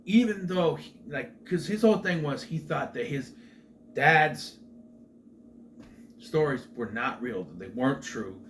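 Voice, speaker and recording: A middle-aged man hosts his own show, walking through a film's ending in a loose, rambling way, full of side remarks and restarts. His voice sits at an ordinary pitch for a man. Faint background noise runs under the recording. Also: lively intonation, a little slow. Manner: rambling, chatty asides and restarts. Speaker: movie review host. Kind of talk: casual film recap.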